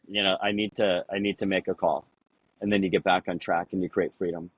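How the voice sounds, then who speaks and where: A man with a husky, somewhat breathy voice rambles through anecdotes, filling his talk with "you know" and jumping into higher voices for the lines he quotes. The sound is dry and a little dull, like a simple podcast mic. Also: steady tone, brisk, pauses often, dry recording. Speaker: podcast guest. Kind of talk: casual conversational storytelling.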